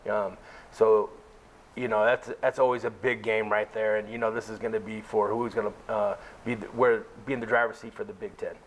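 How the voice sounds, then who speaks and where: A man's voice: fairly low pitch, level tone, fairly quick, slight background noise, poor audio. A man on a podcast chatting casually about college football injuries and betting picks, rambling with lots of fillers. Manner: rambling, full of fillers and asides. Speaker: podcast co-host. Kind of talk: casual sports betting chat.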